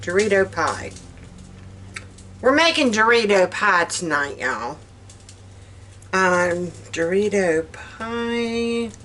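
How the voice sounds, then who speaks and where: A woman with a Southern US accent chatting casually in her home kitchen for a vlog, folksy and quick to laugh. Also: fairly low pitch, animated, pushed and bright, a little hiss or hum. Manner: folksy, laughs often while talking. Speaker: vlogger.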